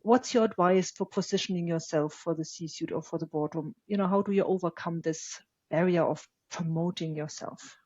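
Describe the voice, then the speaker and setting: A woman's voice: on the low side, normal speed, hardly any pauses, a little mellow, husky, no room sound. A woman hosting an interview, asking long, thoughtful questions in a casual way. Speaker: podcast host. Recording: dull dry lo-fi audio.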